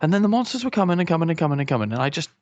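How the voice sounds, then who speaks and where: A man's voice: on the high side, sing-song, rapid-fire. A man co-hosting a podcast, chatting casually and chiming in with jokes and memories of past games. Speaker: podcast co-host. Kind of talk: casual chat. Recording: dull lo-fi recording.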